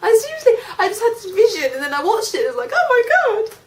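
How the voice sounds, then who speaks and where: A woman's voice: very high-pitched, big pitch swings, very fast, darkish tone, far from the mic, a little hiss or hum. A young woman co-hosting a casual chat about wrestling, earnest and playfully stubborn. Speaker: wrestling show co-host.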